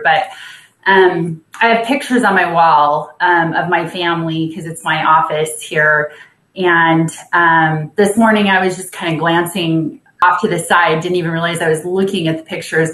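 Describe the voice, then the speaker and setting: A woman on a video call from her office, talking softly and hesitantly in a slightly low voice. The room adds a noticeable echo around her words. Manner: soft, hesitant, many ums, laughs often. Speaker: caseworker and peer support trainer. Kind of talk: sharing in a group mindfulness session.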